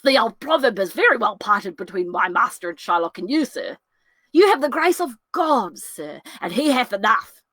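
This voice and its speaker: A woman's voice: a little high, very animated, normal speed, fairly bright tone, no room sound. A woman playing a jittery young male comic servant, bouncing between voices for his fiend and his conscience in a solo reading of a classic play. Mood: cheeky.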